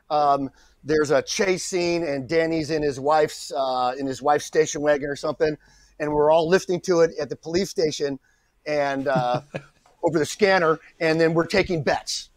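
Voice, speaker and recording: A middle-aged man, a guest actor on a podcast, telling a story in a lively way, acting out the people he quotes and often restarting his sentences. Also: fairly high pitch, moderate pace, no room sound. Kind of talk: anecdotal storytelling in a podcast interview.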